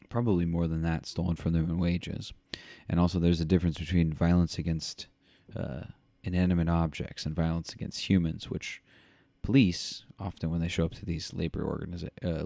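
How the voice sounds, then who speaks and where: Man, podcast co-host, low gravelly voice, dark tone, rambling commentary. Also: little pitch movement, normal speed, no echo. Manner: rambling, reads news aloud with many fillers.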